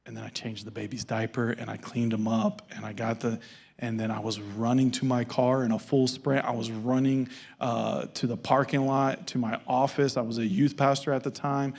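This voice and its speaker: A man's voice: mid-range voice, little pitch movement, moderate pace, vocal fry, a little mellow. A male pastor giving a sermon in a casual storytelling manner and acting out the dialogue.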